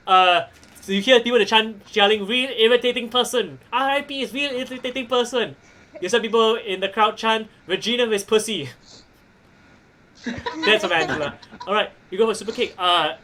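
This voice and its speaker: A man running a tabletop wrestling game as game master, animated, laughing and swearing casually. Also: high voice.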